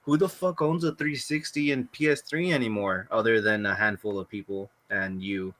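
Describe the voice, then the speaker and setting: A man's voice: on the low side, normal speed, a bit bright. A young man co-hosting a gaming podcast in casual chat, asking blunt questions and swearing. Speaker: podcast co-host.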